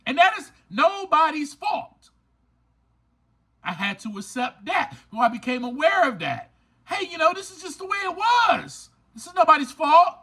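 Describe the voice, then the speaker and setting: A man's voice: very high voice, sing-song, moderate pace, sharp tone. A man hosting a recovery podcast, talking straight to his listeners in an emphatic, preachy way and repeating lines for stress. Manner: speaks straight to listeners, informal. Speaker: podcast host. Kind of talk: motivational recovery podcast monologue.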